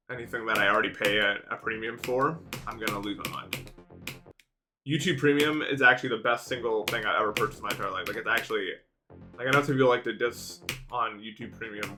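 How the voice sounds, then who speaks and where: Profane ranting streamer guy. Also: on the low side. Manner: profane, ranting, quick swings into loud frustrated outbursts. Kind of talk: casual livestream chat while gaming. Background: music playing.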